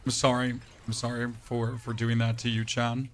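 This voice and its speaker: A man streaming a game live, chatting with his viewers in a hoarse, nearly lost voice and speaking in a very flat monotone, often ending thoughts with "right?". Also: medium pitch, moderate pace, slight background noise. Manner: talks to chat with frequent "right?". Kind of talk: casual live-stream chat while playing.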